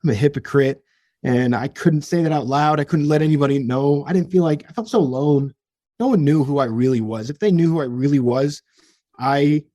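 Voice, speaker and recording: A man's voice: fairly high pitch, dark tone, no room sound, studio quality. Earnest young man telling a personal story. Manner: earnest, emotional, halting with many restarts. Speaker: podcast guest.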